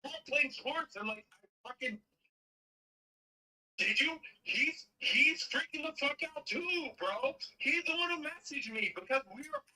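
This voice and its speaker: A man's voice: very high voice, expressive, measured pace, pushed and bright, low-quality recording. A man talking on a voice call with a streaming friend, agitated, emotional and swearing. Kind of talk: casual call chat.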